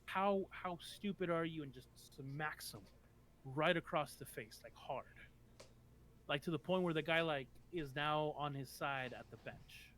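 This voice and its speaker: A man's voice: on the high side, unhurried, a bit bright, slight background noise. A man narrating as game master for a tabletop game, rambling with many ums and restarts.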